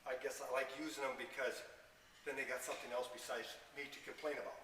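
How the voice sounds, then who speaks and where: A man's voice: mid-range voice, steady tone, fast talker, a bit bright. A man who drives a library delivery van, explaining how he loads his bins and dropping dry sarcastic asides. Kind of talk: explaining his work on camera. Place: inside a delivery van or loading area. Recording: echoey, roomy, from far off.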